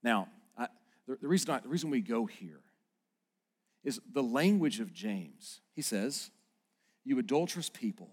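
A pastor in his thirties delivers a sermon to his congregation, moving between casual, joking asides and loud, emphatic points. His voice sits at an ordinary middle pitch for a man. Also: moderate pace, long pauses, husky. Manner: conversational, animated preaching with rising emphasis; playful asides and mock quotes to the audience.

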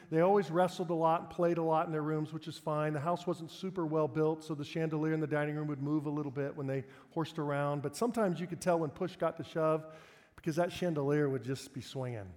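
A middle-aged male pastor with a notably high voice, preaching in a relaxed, conversational way and poking fun at himself as he tells stories. His words ring out with a long reverb, as in a large church hall. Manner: conversational, self-deprecating storyteller, breaks into laughter. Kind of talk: sermon with personal storytelling.

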